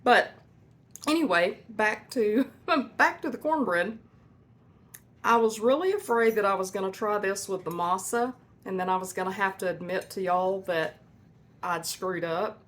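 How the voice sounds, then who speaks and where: Slow-talking woman, folksy. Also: mid-range voice, fairly bright tone. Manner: folksy and chatty, talks to viewers as folks. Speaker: homestead cooking channel host. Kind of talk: casual cooking vlog. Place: home kitchen.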